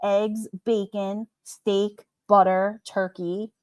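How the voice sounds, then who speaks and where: A woman hosting a casual livestream, reading viewer comments aloud and chatting about them in an animated way, laughing often. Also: mid-range voice, very slow, dry recording. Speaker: livestream host.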